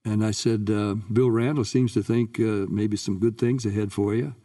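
Older male guest raconteur, lowish mellow voice, a bit off-mic. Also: normal speed, far from the mic. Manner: lively recounting, acts out quoted voices. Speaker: guest singer. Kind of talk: anecdotal interview storytelling.

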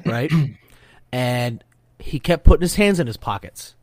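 A man's voice: mid-range voice, animated, unhurried, a little mellow, dry recording. Profane, rambling man with a dry sound. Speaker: podcast host. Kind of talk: casual chat among Coast Guard buddies.

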